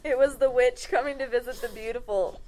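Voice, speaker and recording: A woman's voice: on the high side, brisk, darkish tone, low-quality recording. A woman narrating a comic fairy tale in a wry tone, correcting herself and the cast along the way.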